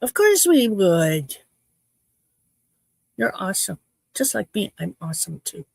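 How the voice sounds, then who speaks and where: Cheeky woman streamer in her fifties, gravelly voice, dry sound. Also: medium pitch, big pitch swings, a little slow, a little mellow, no echo. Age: 50s. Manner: cheeky, playful, chatty. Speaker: livestream host. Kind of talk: casual chat with viewers.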